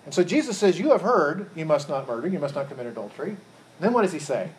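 A man's voice: on the high side, very animated, quick pace, a little hiss or hum. A man leading an interactive Bible study, quizzing his group and often repeating words as he rephrases.

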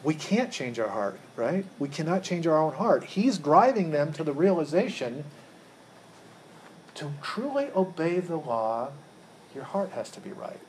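Questioning Bible teacher, slightly high voice. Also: male voice, sing-song, a little slow, darkish tone, a little hiss or hum. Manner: quizzes the group, repeats words when rephrasing. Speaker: Bible study leader.

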